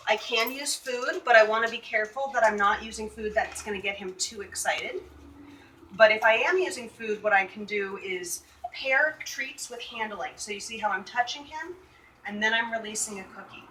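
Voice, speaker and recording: A woman giving a hands-on teaching demo inside a dog kennel at an animal shelter, explaining calmly and gently with frequent restarts. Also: a little high, normal speed. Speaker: shelter volunteer trainer. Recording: distant mic, faint background noise.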